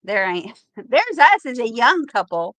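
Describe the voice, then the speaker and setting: Woman, middle-aged, bright, slightly high voice, chatty, laughing, live-stream host. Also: very animated, measured pace, no echo. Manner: chatty, laughs often, greets viewers by name. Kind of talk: casual live-stream chat.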